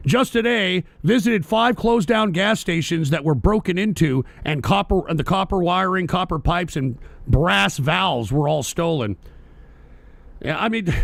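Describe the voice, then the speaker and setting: A man's voice: high-pitched, lively intonation, measured pace, vocal fry, fairly bright tone, no echo. A man from the United States hosting a radio show, delivering a heated, profane political rant and repeating himself.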